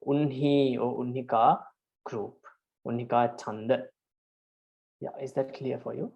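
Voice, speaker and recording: A man's voice: medium pitch, fairly even intonation, a little slow, creaky, muffled recording. A man, a Buddhist monk, patiently teaching a class on verse meters and counting syllables aloud, with frequent hesitations. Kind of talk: online class lecture.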